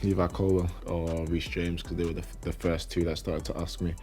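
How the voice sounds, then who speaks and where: Soft music underscores a laid-back interview with a young man, a professional footballer and card collector. He replies easygoingly in a low, flat voice, haltingly repeating words as he searches for them and laughing often.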